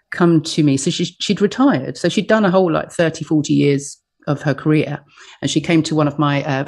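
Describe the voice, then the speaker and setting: A woman's voice: deep voice, darkish tone, breathy edge. A woman, a voice coach with an acting background, talking animatedly in an interview and often restarting her phrases. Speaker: voice coach and guest. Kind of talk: conversational interview talk.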